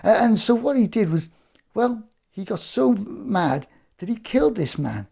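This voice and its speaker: Children's ministry presenter, male, dark gravelly voice, patient storyteller. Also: high-pitched, big pitch swings, a little slow. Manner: patient, gently scolding.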